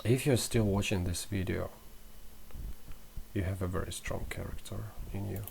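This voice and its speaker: A man's voice: moderate pace, creaky, slight background noise. Man rambling crypto host. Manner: rambling, self-mocking, animated swings in pitch. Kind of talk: casual commentary over charts.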